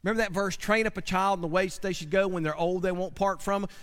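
A man preaching a sermon, animated and full of call-and-response asides to the congregation. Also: high-pitched, fast talker, clean tone. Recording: long hall reverb.

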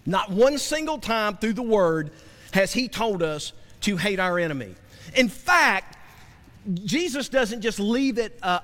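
A man's voice: high voice, fairly bright tone, in a large hall. A man preaching as a pastor, praying and then teaching with repeated phrases and rhetorical questions to the congregation. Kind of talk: sermon with opening prayer. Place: church sanctuary.

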